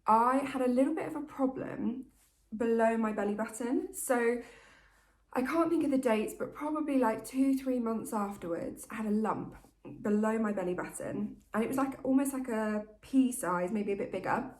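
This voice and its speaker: A woman's voice: fairly high pitch, normal speed, darkish tone. Chatty woman in an echoey room. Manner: open, candid and chatty, talking like to a best friend. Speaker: vlogger. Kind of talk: casual chatty update to camera.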